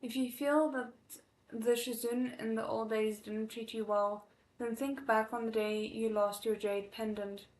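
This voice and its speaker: A woman reading the lines of a firm young female disciple who scolds in a steady, stern way. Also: on the high side, a little slow, close to an everyday voice. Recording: echoey room.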